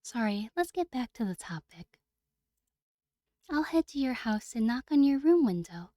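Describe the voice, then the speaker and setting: A calm, playful young senpai girl from a game, as a woman reads her lines. Her voice sits a touch higher and mellow, soft-spoken and gently teasing. The sound is dry and close, with no room around it. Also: normal speed, no room sound.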